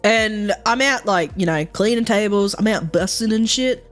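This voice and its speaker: A woman's voice: medium pitch, normal speed, faint music behind. A woman streamer telling stories in casual chat while gaming, swearing freely and laughing often. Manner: swears freely, animated storytelling with frequent laughs.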